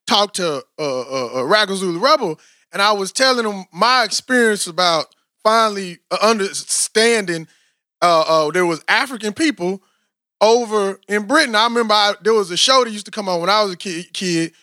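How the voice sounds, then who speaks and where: Guy in his 40s, rambly slangy podcast chat, bright high voice. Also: moderate pace, no echo, clean studio sound. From Texas, USA. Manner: animated, rambling, slangy, frequent "you know what I'm saying". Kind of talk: casual chat.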